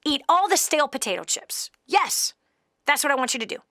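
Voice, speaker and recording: A high-pitched woman with a bright, forceful edge coaches a caller on air. She lectures in blunt, emphatic tough love, punching some words loudly and dropping to low, quiet urging on others. The sound is dry and close. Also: sing-song, a little fast, no room sound. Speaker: radio show host and financial coach. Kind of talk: call-in coaching.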